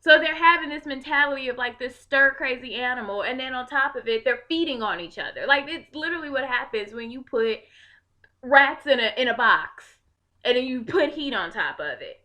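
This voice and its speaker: A woman's voice: sits high, animated, brisk, bright, forceful tone. A young woman from Chicago giving an impassioned, blunt political rant to the camera and swearing freely. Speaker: video blogger.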